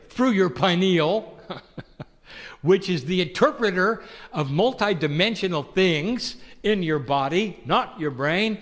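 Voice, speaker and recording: Man giving a lively channeled spiritual talk. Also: a little high, in a large hall. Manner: gentle rhetorical questions, calls listeners "dear one".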